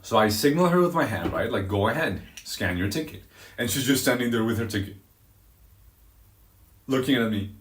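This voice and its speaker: A man streaming live, telling a story in a dramatic, animated way with crude language. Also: mid-range voice, moderate pace, pauses often, roomy sound. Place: outdoors on a walk.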